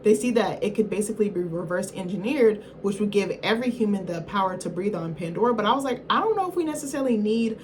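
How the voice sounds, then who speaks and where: A woman's voice: mid-range voice, expressive, fast, hardly any pauses, a little mellow, a little hiss or hum. A woman reviewer giving a casual film recap in a rambling, slangy, profane way, often correcting herself mid-thought.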